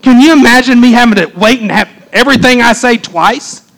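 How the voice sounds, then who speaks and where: A male pastor preaching a sermon, talking fast and excitably with many restarts. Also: very high voice, rough recording.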